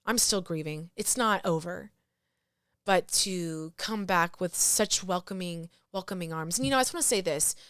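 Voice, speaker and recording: A woman's voice: lowish voice, normal speed, a bit bright, clean tone, no room sound, clean studio sound. A woman hosting her podcast, talking through grief in an emotional, heartfelt way, sighing and restarting her sentences. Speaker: podcast host. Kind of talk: personal reflective monologue.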